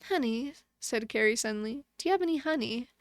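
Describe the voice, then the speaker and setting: A young woman reads a bedtime story in a gentle put-on motherly voice. Her voice sits a little high, and the sound is dry and close with no room around it. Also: animated, fast talker, no room sound. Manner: chatty and thankful toward her viewers. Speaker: streamer. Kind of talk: reading a bedtime story aloud.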